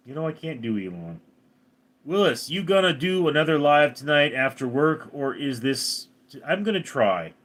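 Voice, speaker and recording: A young man hosting a casual livestream, joking and reacting quickly as he reads out chat messages. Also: mid-range voice, fairly bright tone.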